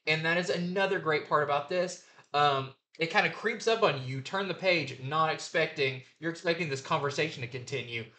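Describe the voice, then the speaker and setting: A man's voice: a little high, fairly quick, hardly any pauses, sharp tone. A man hosting a comic book review show, chatting casually and enthusiastically with lots of fillers.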